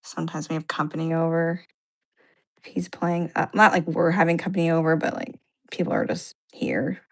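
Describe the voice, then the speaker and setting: Low gravelly woman chatting casually. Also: flat delivery, moderate pace. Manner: chatty, peppered with "like". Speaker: livestream co-host. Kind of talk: casual chat.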